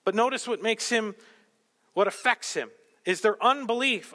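A man's voice: high-pitched, moderate pace, bright, forceful tone. A male pastor preaching a sermon in a church, impassioned and building to emphatic peaks. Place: church sanctuary. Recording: long reverb of a large hall.

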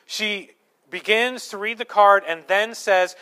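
Bright-voiced male pastor preaching. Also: sits high, normal speed. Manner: earnest, teaching through scripture point by point. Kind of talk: sermon.

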